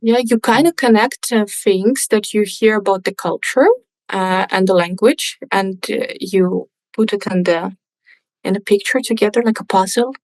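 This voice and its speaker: A woman's voice: medium pitch, normal speed, dry recording, rough recording. A young woman, a native Russian speaker, telling stories in casual conversation as a podcast guest, with many restarts. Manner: chatty, restarts often, lively storytelling. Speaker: podcast guest, English teacher.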